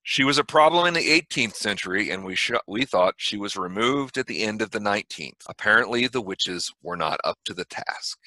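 A man voicing a mysterious stranger in a fedora, speaking in a calm, measured and coldly polite way over a video call. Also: fairly low pitch, no echo.

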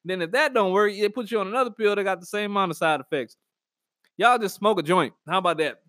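A high-pitched man rambles through a comedic rant in a dry, close recording. He talks in an animated way and keeps cracking himself up as he riffs. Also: fast, no room sound. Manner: animated, rambling, laughs at own jokes. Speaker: comedic vlogger. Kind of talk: casual comedic monologue.

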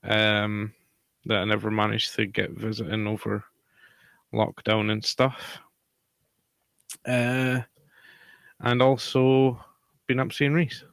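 A man's voice: on the low side, flat delivery, slow, creaky, pauses often, fairly bright tone, no room sound. A young man co-hosting a podcast in casual chat, laid-back, laughing often and swearing casually. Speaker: podcast co-host.

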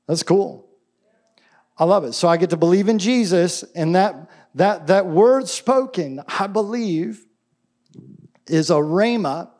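A man preaching a sermon in a casual, enthusiastic way, with quick asides and restarts. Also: high-pitched, darkish tone. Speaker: pastor.

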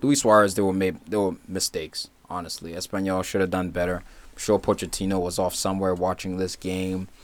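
A man's voice: low voice, flat delivery, fairly quick. A man co-hosting a casual soccer podcast, laid-back and slangy. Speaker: podcast co-host. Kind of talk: casual chat.

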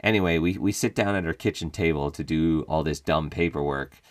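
A man's voice: a bass voice, fairly quick, dry recording, studio quality. A young adult man casually telling a profane, wry comedic story about his own mishap, laughing as he goes. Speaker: podcast host telling a personal story.

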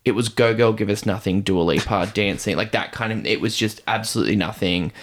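A man's voice: fairly low pitch, fairly quick. A man co-hosting a podcast, chatting in a gossipy, campy way about reality TV. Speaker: podcast co-host. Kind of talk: casual pop-culture chat.

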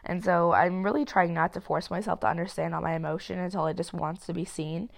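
A woman's voice: fairly low pitch, steady tone, fairly quick, creaky. A nineteen-year-old woman hosting a solo podcast, rambling candidly with plenty of fillers and casual swearing while getting over a cold. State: sick with a cold. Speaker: podcast host.

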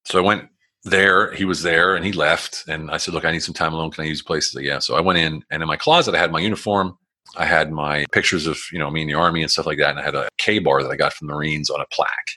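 A man's voice: rumbling low, fairly even intonation, fast, sharp tone, husky. A man in his forties, a guest telling his life story in casual, blunt, rambling talk with plenty of swearing and acted-out quotes. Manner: frequent restarts and fillers, acts out quotes.

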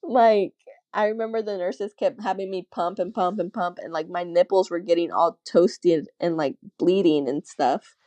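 A young woman tells a personal story in casual chat, candid and animated, sprinkling her talk with "like." Her voice sits at a middle pitch and sounds mellow and warm. The recording is close and dry. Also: moderate pace, no echo. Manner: candid storytelling, acts out quoted voices, frequent "like". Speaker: podcast guest.

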